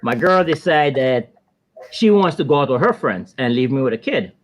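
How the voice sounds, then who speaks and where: A man in his thirties from the Virgin Islands with a Caribbean accent, telling a laid-back, animated story as a guest on a casual panel. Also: mid-range voice, moderate pace.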